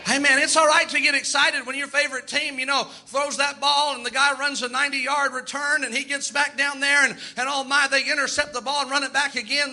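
A man preaching a sermon in a folksy, animated way, slipping into quoted asides. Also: very high voice.

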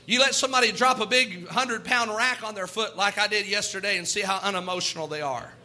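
A male pastor delivering a fervent sermon in a strikingly high, ringing voice. His tone is sharp and bright, and he moves in a rhythmic cadence between scripture readings and exhortation. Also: fast talker.

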